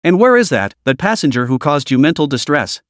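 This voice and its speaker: A man voicing a composed female emergency dispatcher who speaks slowly and calmly. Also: on the high side, no echo, clean studio sound. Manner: slow, measured, calming.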